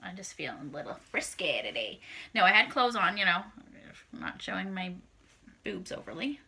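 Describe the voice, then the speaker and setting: A woman vlogger tells a dating story to the camera, blunt, casual and full of profanity, acting out her own reactions. Her mid-range voice is gravelly and sing-song with a breathy edge and a sharp tone, moving at a normal speed.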